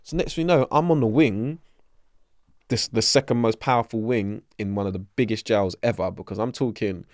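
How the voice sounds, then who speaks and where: A young man with a London accent telling a prison story in an interview, animated and swearing freely, acting out other people's voices. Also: lowish voice, brisk, dry recording, studio quality. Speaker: interview guest. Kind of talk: casual storytelling.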